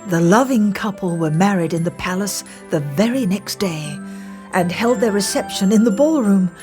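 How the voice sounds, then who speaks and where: A woman's voice: medium pitch, normal speed, darkish tone, faint music behind. A woman reading a fairy tale aloud in a playful, theatrical way. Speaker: storybook narrator. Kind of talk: expressive storybook reading.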